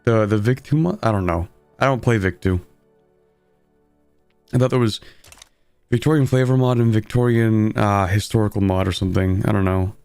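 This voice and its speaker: Streamer, young man, lowish voice, dry close sound, drowsy rambling game commentary. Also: normal speed, gravelly, pauses often, a little mellow, smooth, dry recording, faint music behind. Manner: sleepy, rambling, self-deprecating.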